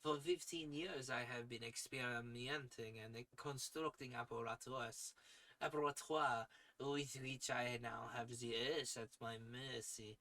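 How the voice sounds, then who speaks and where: A scheming would-be conqueror of Earth from an old pulp story, as a man reads him aloud speaks in a put-on French accent. He lays out his plans slowly and grandly, in a bright, forward voice at a middling pitch. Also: poor audio. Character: scheming male space tyrant plotting world conquest. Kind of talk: dramatic reading of pulp fiction.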